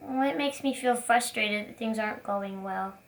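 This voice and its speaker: A woman voicing a shy young male puppet student, soft and a little hesitant. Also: mid-range voice, normal speed, pitched below the performer's own voice, lightly acted. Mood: glum.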